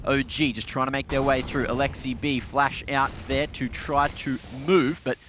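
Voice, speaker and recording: A man casting an esports match play-by-play, excitable and jokey, jumping up in pitch on big plays. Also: normal speed, noisy background. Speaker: esports caster. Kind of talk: play-by-play commentary.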